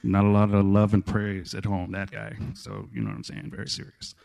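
A man's voice: on the low side, level tone, a little fast, creaky, a little mellow. A middle-aged man from Kansas telling family stories on stage in a wry, joking way. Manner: wry, joking, acts out voices in quotes. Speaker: storyteller. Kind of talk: live storytelling on stage.

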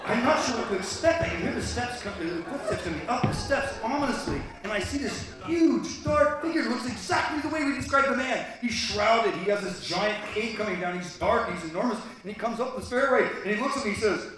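A man telling a personal story live on stage, animated and full of restarts. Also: very high-pitched, fairly quick, hardly any pauses, crowd noise. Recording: echoey hall from far off.

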